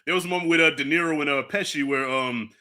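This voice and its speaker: A man hosting a casual movie review, animated and profane, acting out lines from the film. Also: fairly high pitch, quick pace. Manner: animated, swears freely, acts out lines from the film. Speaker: channel host.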